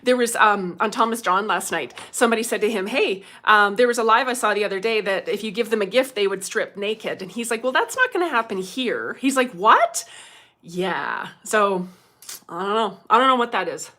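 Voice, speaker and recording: A middle-aged woman, hosting a casual livestream as a medium, chatty and quick to laugh, greeting viewers by name. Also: mid-range voice, expressive, sharp tone.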